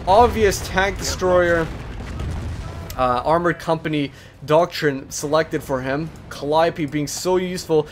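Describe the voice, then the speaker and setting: A young man commenting on a strategy game replay, chatty and explanatory, with lots of filler words and sudden excited outbursts. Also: on the high side, a little slow, soft background music.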